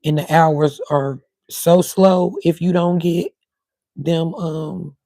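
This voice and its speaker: A woman's voice: sits low, fairly even intonation, slow, warm tone, dry recording. A middle-aged woman, rambling casually to her viewers on a livestream, her voice cutting in and out. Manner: rambling, talks to viewers in chat. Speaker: livestream host.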